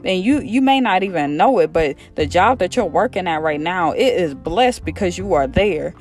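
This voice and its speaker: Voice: medium pitch, expressive, normal speed, soft background music. A preacher giving a devotional sermon in a casual, fervent style, repeating phrases for emphasis. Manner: fervent, repetitive exhortation.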